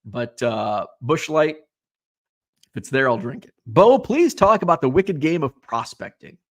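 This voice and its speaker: A man chats casually through a hobby livestream, his voice sitting a little high. He rambles, drops fillers and reads viewers' comments aloud as they come in. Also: expressive, a little slow. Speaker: livestream host reading chat.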